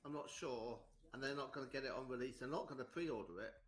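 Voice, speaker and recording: A man giving measured, explanatory commentary in a clip. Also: medium pitch, fairly bright tone.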